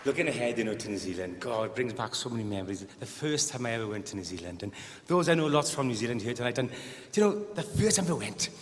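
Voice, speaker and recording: Welsh comic telling a rambling tale. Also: male voice, mid-range voice, lively intonation, fast talker, slight background noise. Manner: rambling anecdotal delivery with repeated "right?". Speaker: comedian. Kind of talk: live stand-up storytelling. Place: theatre stage before a live audience. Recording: live show in a large reverberant hall.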